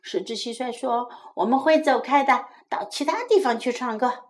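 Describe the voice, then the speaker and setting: A woman's voice: on the high side, moderate pace, close to an everyday voice. A woman voicing a cheerful little cricket in a children's story, chirpy and cheerfully puzzled.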